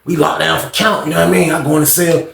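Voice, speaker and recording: A man's voice: fairly high pitch, fairly even intonation, fast, vocal fry, fairly bright tone, echoey room, a little hiss or hum. A man telling a story in a casual, slangy way, acting out the people he quotes. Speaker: storyteller, channel host.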